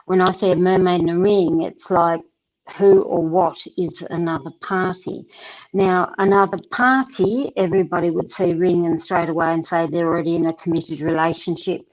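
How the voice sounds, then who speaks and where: A woman's voice: on the low side, steady tone, normal speed, muffled recording. A woman with a Tasmanian Australian accent hosting a live stream, chatting as she reads tea leaf charms, thinking aloud with many ums. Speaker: host and tea leaf reader. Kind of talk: live-stream reading chat.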